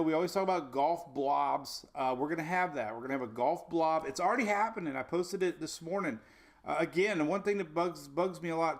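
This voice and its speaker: High-voiced rambling weather host. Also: male voice. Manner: rambling, excitable, many fillers and restarts. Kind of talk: casual live weather briefing.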